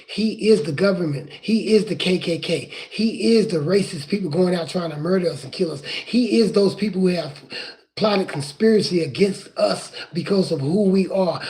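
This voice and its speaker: A man preaching from scripture in an impassioned way, rising at times to crying shouts. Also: sits high.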